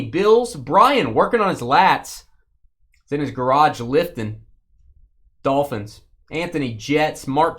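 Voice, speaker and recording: A man hosting a live sports card break, reading out names and teams in quick bursts and joking with viewers. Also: fairly high pitch, fairly bright tone.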